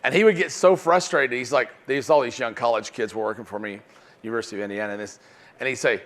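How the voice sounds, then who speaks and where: A man's voice: mid-range voice, fast. A man giving a live sales-training seminar with lots of energy, often checking in with his audience. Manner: energetic, punctuates points with "right?".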